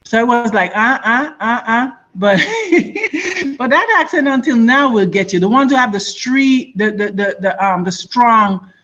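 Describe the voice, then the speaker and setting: A woman's voice: fairly high pitch, lively intonation, unhurried, a bit bright, lo-fi sound. A woman with a Jamaican accent, a guest on a radio interview, who tells stories with energy and acts out other people's voices. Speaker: guest, former basketball player.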